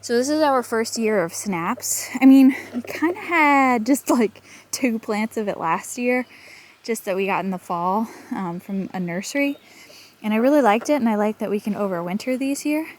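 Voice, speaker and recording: A woman's voice: fairly high pitch, expressive, moderate pace. Chatty woman vlogging outdoors on a farm. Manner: chatty, laughs often, rambling asides. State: out of breath. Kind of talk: casual vlog chat.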